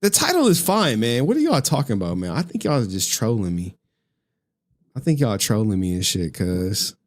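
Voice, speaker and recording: A man's voice: fairly low pitch, sing-song, moderate pace. A man doing a live stream and talking casually to his chat, profane, chatty and exasperated.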